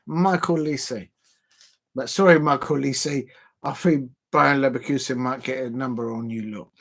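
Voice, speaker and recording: A man's voice: mid-range voice, fairly even intonation, moderate pace, gravelly, fairly bright tone. A man hosting a football watch-along, chatting casually and giving opinionated predictions straight to his viewers.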